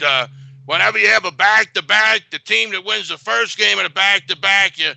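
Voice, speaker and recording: A man's voice: high-pitched, normal speed, vocal fry, pushed and bright, dry recording. A man giving a sports betting pick in a blunt, boastful way, full of filler uhs.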